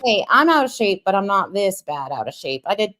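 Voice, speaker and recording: A woman's voice: mid-range voice, sing-song, fairly quick, fairly bright tone, a little hiss or hum, low-quality recording. A woman streaming and chatting casually as she reacts to clips, musing aloud with small laughs. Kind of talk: casual commentary.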